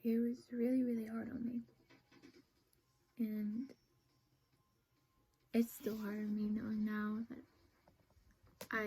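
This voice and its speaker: A young woman telling a painful personal story in a soft, halting voice, sad and emotional, often sliding into a whisper. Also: a little high, a little hiss or hum, low-quality recording.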